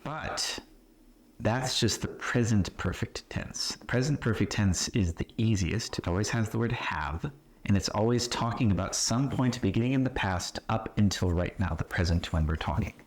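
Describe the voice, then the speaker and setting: A man teaching an English class in a relaxed, conversational way, patiently explaining with example questions and checking in often. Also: on the low side, moderate pace. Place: classroom or retreat room.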